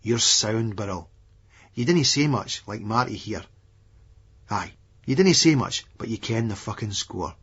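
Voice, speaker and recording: A man's voice: lowish voice, expressive, unhurried, pauses often, fairly bright tone, slightly rough, full character voice. A man voicing a menacing, unhinged Edinburgh hard man in an audiobook, sneering and coarse in his taunts. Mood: taunting. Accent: Scottish, Edinburgh. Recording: dull lo-fi audiobook recording.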